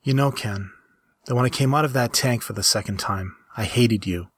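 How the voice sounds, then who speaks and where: A man reading a story aloud and voicing an earnest young woman who once was powerful, speaking in a soft, halting, confiding way. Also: medium pitch, husky, lightly acted.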